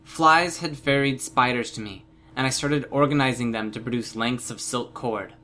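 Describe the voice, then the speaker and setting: A man's voice: medium pitch, normal speed, bright, forceful tone, slight background noise. Man narrating a novel steadily. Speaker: audiobook narrator. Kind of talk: first-person novel narration.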